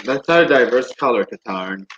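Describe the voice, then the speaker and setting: A man's voice: mid-range voice, lively intonation, moderate pace, fairly bright tone, highs cut off, slight background noise. A man making dry, sarcastic quips in a casual chat.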